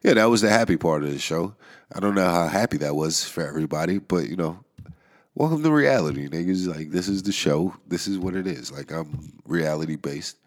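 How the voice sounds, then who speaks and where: This is a man with a very low, stuffed-up voice, nasal from a head cold. He hosts his own show in a loose, rambling monologue, wry and quick to chuckle between thoughts. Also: lively intonation. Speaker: podcast host. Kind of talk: casual monologue. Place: New York area.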